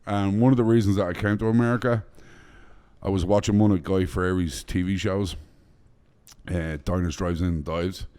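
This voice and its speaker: A man's voice: sits low, steady tone, moderate pace, mellow, clear, resonant tone. A man with an Irish accent, chatting as a guest chef on a podcast, blunt and profane. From Ireland. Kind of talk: casual podcast chat.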